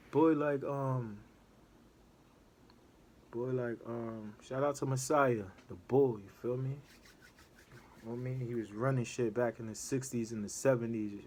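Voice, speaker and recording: A man spins a long, casual story in loose street talk, keeping his listener with him through constant "you know what I'm saying" check-ins. His voice sits at an ordinary middle pitch. Faint background noise hums under the recording. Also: steady tone, a little slow, long pauses, a little mellow.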